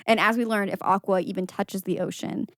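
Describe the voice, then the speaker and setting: A young woman co-hosting a podcast, casually recapping a movie with lively quoted voices and frequent laughter. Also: a little fast, no room sound, studio quality. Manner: animated storytelling with high-pitched quoted voices and frequent laughs. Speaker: podcast co-host.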